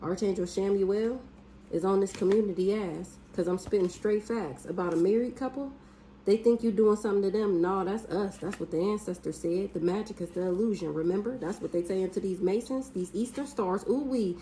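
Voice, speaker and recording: A woman doing a casual spiritual reading, blunt and profane, with drawn-out hums and exclamations. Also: medium pitch, mellow, slight background noise, low-quality recording. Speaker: spiritual reader.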